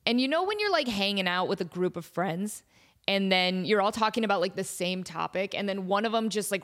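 A woman in her thirties hosting a podcast, telling stories in a bubbly, animated, giggly way. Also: fairly low pitch. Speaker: podcast host. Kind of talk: casual storytelling.

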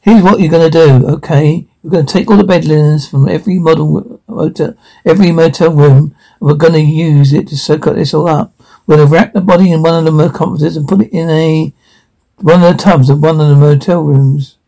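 A man's voice: a little high, steady tone, brisk, gravelly, mellow, rough recording. A man voicing a frantic, controlling middle-aged mother who barks urgent orders. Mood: frantic, commanding. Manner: urgent, bossy, panicky.

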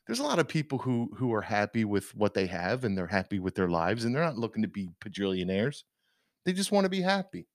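A man's voice: medium pitch, dry recording, studio quality. A man co-hosting a casual podcast, ranting emphatically with frequent restarts. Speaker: podcast co-host. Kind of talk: casual opinion chat.

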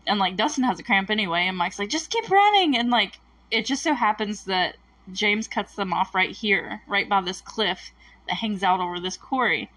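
A woman's voice: mid-range voice, normal speed, pushed and bright, dry recording, distant mic, poor audio. A woman casually recapping a TV episode, laughing often and acting out the characters' lines. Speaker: recap host.

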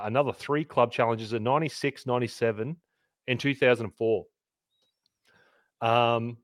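A man's voice: medium pitch, dry recording, studio quality. A man co-hosting a casual sports podcast, laughing often, swearing and reading out player stats. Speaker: podcast co-host.

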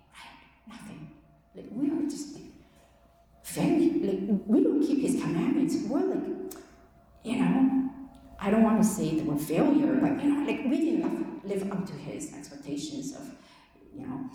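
A woman's voice: fairly high pitch, mellow. A woman speaking as an Orthodox nun, giving an earnest, rambling spiritual talk full of "you know" and "like". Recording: very echoey room with long reverb and faint noise.

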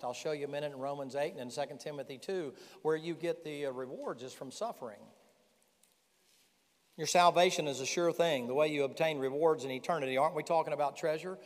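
Folksy preacher man in a big reverberant hall. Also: on the high side. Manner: folksy, animated preaching with rhetorical questions. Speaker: pastor. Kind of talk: sermon. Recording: long reverb in a large hall.

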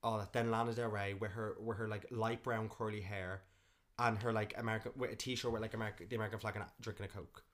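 A man's voice: lowish voice, level tone, fast. A man co-hosting a podcast in casual chat, rambling and leaning on "like" as he talks. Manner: rambling, heavy use of "like", restarts. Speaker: podcast co-host.

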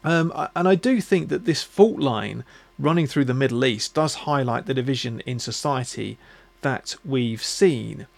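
A man hosting a podcast, talking in a musing, halting way with many restarts. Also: medium pitch, creaky. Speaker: podcast host. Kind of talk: casual reflective monologue.

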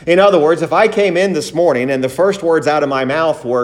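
Emphatic preacher, man, slightly high voice. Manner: deliberate, emphatic, stresses single words, rhetorical questions. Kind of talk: sermon with scripture reading.

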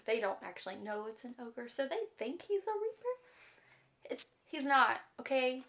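A young woman co-hosting a podcast, chatting casually and animatedly about a book, swearing freely and mimicking the characters in quick asides. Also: high voice, very animated, fairly bright tone. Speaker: podcast co-host.

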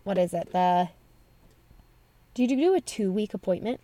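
A woman's voice: mid-range voice, expressive, moderate pace, dark tone. A woman in her thirties co-hosting a casual chat, talking frankly and conversationally about her own experiences. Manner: frank, conversational, tells stories in runs of repeated phrases. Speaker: podcast co-host.

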